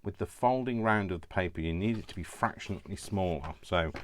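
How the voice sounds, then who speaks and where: Man host, very deep voice, casual rambling crafting walkthrough at home. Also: a little fast, slight background noise. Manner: chatty, rambling asides, self-correcting. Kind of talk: casual step-by-step tutorial.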